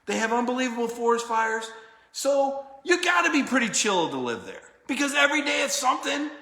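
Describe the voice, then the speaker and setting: Animated, lively-pitched man in an echoey room. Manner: rambling, animated storytelling with quoted exchanges. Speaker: sports writer and show host. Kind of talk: casual sports talk monologue. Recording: echoey room with long reverb.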